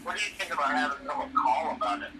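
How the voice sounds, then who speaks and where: A man's voice: fairly high pitch, lively intonation, rapid-fire, noisy background. A man in casual chat with a friend, mostly giving brief reactions. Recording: voice under loud music.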